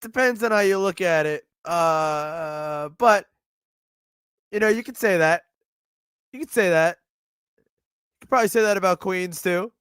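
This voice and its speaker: A man's voice: sits high, a little slow, pauses often, fairly bright tone, clear, resonant tone, no echo, studio quality. A man with a New York accent giving sardonic, profane live commentary on a video he is watching. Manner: sardonic, profane, rambling asides. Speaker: streamer reacting to a video.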